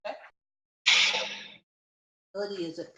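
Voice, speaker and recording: A woman running a tabletop game as game master, calling out rolls and rules in a brisk, instructive way. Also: medium pitch, very noisy.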